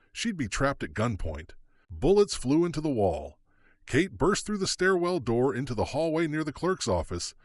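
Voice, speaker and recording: A man's voice: medium pitch, dry recording. A man narrating a legal thriller audiobook in a dramatic, suspenseful reading. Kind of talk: scripted narration.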